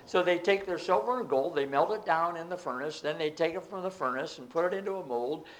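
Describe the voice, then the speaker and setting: A man's voice: a little high, brisk. A man preaching a Bible teaching, reading scripture aloud and explaining it with emphatic outbursts.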